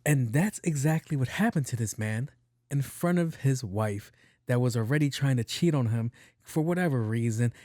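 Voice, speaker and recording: A man hosting his own podcast, telling a story in a profane, animated way. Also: medium pitch, no room sound, clean studio sound. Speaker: podcast host. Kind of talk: casual storytelling monologue.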